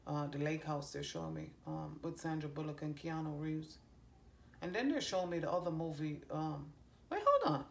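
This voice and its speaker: A woman doing a psychic card reading for viewers, pausing often with ums and restarts as she relays messages she hears. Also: low-pitched, gravelly. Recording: faint background noise.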